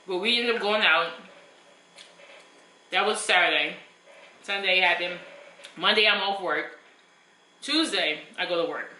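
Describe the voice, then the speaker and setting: A woman's voice: lowish voice, a little slow, pauses often, sharp tone, echoey room, low-quality recording. A young woman, telling a story casually and emphatically while eating. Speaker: vlogger.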